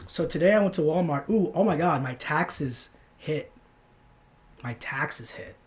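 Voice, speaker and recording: A man's voice: on the high side, expressive, measured pace. A young man from Texas hosting a solo podcast, telling a rambling story with many restarts and casual swearing. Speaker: podcast host.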